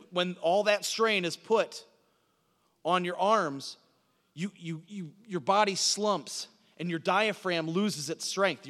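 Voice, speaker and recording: Male preacher, high animated voice, teaching style with rhetorical questions, reverberant hall sound. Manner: asks the audience questions and answers them, repeats words. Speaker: preacher teaching a Bible class. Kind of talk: sermon-style Bible teaching.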